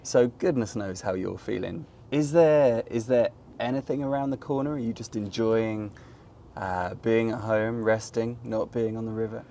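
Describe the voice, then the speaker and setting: A man in his forties with an English accent, hosting a casual interview, quick to laugh. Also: fairly low pitch, creaky, warm tone, slight background noise. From England. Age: 40s. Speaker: host, interviewer.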